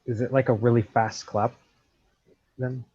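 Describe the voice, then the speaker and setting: A man's voice: mid-range voice, flat delivery, measured pace, warm tone, husky, no echo, highs cut off. A man in a piano class asking curious questions. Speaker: student.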